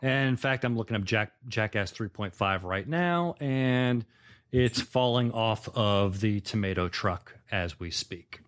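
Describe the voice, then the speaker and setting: A man's voice: fairly low pitch, expressive, unhurried, fairly bright tone, clear, resonant tone. Man, podcast co-host, casual, blunt, dry jokes. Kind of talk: casual chat.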